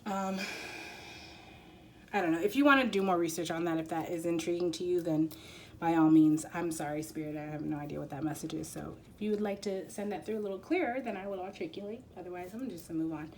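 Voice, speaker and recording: A woman's voice: on the low side, fast talker, darkish tone, slight background noise. A woman giving a casual spiritual card reading to viewers, talking in a rambling, hesitant way full of fillers and restarts. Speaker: tarot and oracle card reader.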